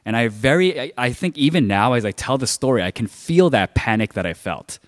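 A man's voice: mid-range voice, lively intonation, brisk. Man, pastor, conversational sermon, lots of fillers, long reverb hall. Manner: conversational, heavy use of filler "like". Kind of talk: sermon told as a personal story.

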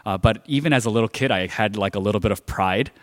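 A man's voice: lowish voice, quick pace. A man preaching a sermon in a conversational storytelling way, with many filler words. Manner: conversational, heavy use of filler "like". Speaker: pastor. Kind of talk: sermon told as a personal story. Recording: long hall reverb.

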